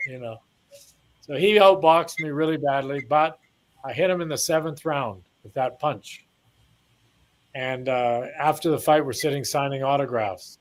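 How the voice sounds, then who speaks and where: Speaking at a measured pace in a mid-range voice, a man in his sixties recounts long, meandering tales from his boxing days. The interview is casual, he's from Canada, and he voices the characters when quoting them.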